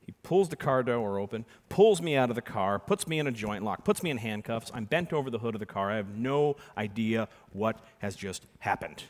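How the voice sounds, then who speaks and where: A man, an animated storyteller giving a keynote talk, swinging from hushed to loud as he acts out the voices. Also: fairly low pitch, normal speed, hardly any pauses. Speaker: keynote speaker and magician. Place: large conference hall. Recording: reverberant conference hall.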